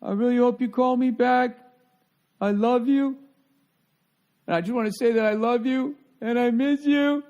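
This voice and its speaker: A man voicing a sobbing young woman leaving a tearful voicemail, in a high, wailing voice. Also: fairly even intonation, a little slow, long pauses, darkish tone, muffled recording.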